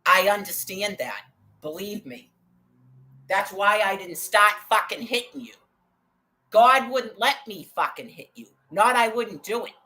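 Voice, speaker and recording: Older woman, furious profane vlog rant, sharp tone. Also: mid-range voice, animated, a little slow. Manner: agitated, swearing heavily, quoting others. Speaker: vlogger.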